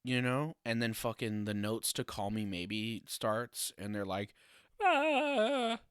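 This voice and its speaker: A man's voice: lowish voice, fairly even intonation, unhurried, a bit bright, clear, resonant tone, no room sound, studio quality. A young man hosting a casual solo podcast, ranting with sarcasm and swearing and laughing often. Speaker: podcast host.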